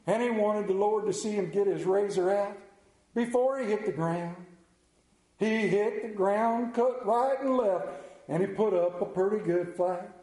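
A man's voice: high voice, measured pace, dark tone, roomy sound, poor audio. A man preaching a sermon in a folksy, earnest way, reading scripture and speaking of his faith.

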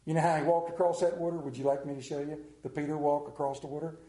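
A middle-aged male pastor preaching a sermon, telling the story with lively acted-out scenes and sudden drops to a hush. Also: fast talker. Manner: animated storytelling, acts out scenes with big pitch swings. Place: room with a congregation. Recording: echoey room.

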